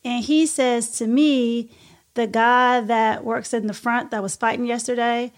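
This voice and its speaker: A woman chiming in, higher voice. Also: steady tone, unhurried. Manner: supportive, chimes in with short replies. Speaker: podcast co-host. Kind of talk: casual conversation.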